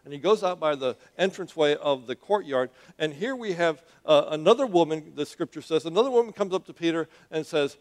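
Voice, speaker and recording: A male preacher delivers a sermon in a church in a conversational, animated way. He questions his listeners directly as he tells the story. His voice sits somewhat high. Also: brisk, hardly any pauses.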